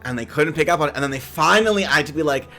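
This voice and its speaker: A man from Canada hosting a stream interview, telling stories in an animated, campy way with a lot of likes. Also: on the high side, racing, faint music behind. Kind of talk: casual chat.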